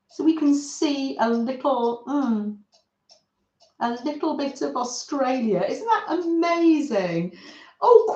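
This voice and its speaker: A slow, lively-pitched woman hosting a craft livestream, gushing over everything and reading viewers' messages aloud. The room is echoey and the sound a little dull. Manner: gushing, warm-hearted, reads chat aloud. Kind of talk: chatty livestream talk to viewers. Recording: roomy, slightly dull sound.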